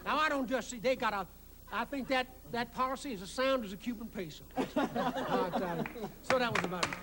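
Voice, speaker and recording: A lively male comedian who tells anecdotes with frequent laughter and slips into impressions. His voice runs high and bright for a man. Steady room noise sits behind him. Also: brisk. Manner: animated, laughing storyteller. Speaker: actor and comedian guest.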